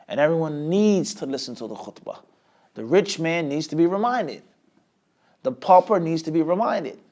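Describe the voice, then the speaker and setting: A man teaching an Islamic lesson, often asking a rhetorical question and answering it himself, with sudden swings between loud and quiet. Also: fairly high pitch. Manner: lively, with many sudden rises and drops in loudness. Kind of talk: lecture class.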